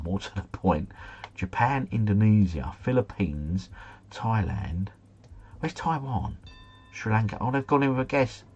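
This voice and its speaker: A man's voice: lowish voice, husky, dull audio. A man streaming live, chatting casually and muttering asides as he plays a geography guessing game. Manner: chatty, mutters asides, mild swearing, easily flustered.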